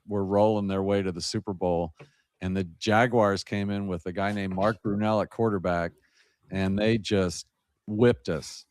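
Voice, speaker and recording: Lively joking man, dry sound. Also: fairly low pitch, smooth, no echo. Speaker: guest podcaster. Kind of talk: casual podcast chat.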